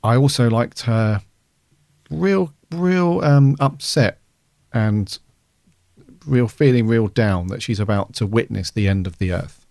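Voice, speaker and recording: On a podcast he co-hosts, a man chats casually and tells stories with animation. His voice is medium in pitch, slow, creaky and darkish, captured in studio quality with no room sound.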